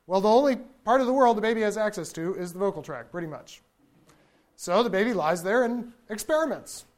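A man giving a lecture in a relaxed, conversational way, often asking his listeners "right?" and chuckling between points. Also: sits high, brisk. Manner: conversational, checks in with the audience; imitates baby babble to illustrate points. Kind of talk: lecture to an audience.

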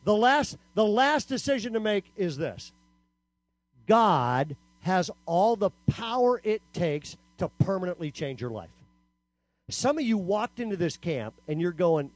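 A man preaching an animated youth camp sermon to teenagers, telling stories and acting out quotes in a punchy way. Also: high voice, unhurried. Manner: storytelling, punchy, acts out quotes.

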